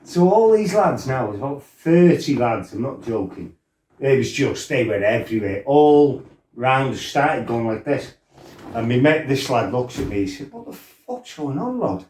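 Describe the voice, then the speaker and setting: A middle-aged man tells his story in a loose, chatty way. He laughs and swears as he goes and acts out the other people's lines. His voice sits at an ordinary pitch and echoes in the room. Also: lively intonation, measured pace, a little mellow. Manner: laughing, swearing, acting out quotes. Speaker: former fighter telling his life story. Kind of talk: casual storytelling.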